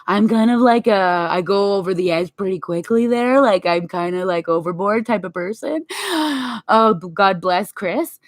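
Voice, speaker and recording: A woman in her thirties giving emphatic, animated motivational talk to her viewers, acting out little quotes as she goes. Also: fairly low pitch, a little fast, dry recording. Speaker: vlogger.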